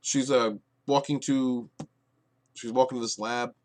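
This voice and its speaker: A man giving an exasperated review of a TV show, with lots of fillers and restarts, dropping to low mutters and then bursting out loud. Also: flat delivery, measured pace, a little hiss or hum. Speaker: podcast reviewer. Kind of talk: ranting review commentary.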